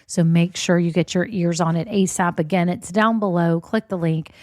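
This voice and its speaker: A woman hosting her own podcast in a chatty, upbeat way, her voice a bit scratchy and hoarse from a swollen voice box. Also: fairly low pitch, steady tone, moderate pace, a little mellow, no room sound, clean studio sound. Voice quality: slightly scratchy voice. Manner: chatty and upbeat, says y'all. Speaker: podcast host. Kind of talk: casual solo podcast talk.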